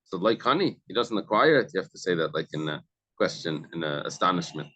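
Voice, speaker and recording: Guy teaching a text class, lowish voice, reads then explains, lots of um and restarts. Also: lively intonation, fairly quick, pushed and bright, breathy edge, no echo, dull audio. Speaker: Talmud class leader. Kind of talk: explaining a text to a study group.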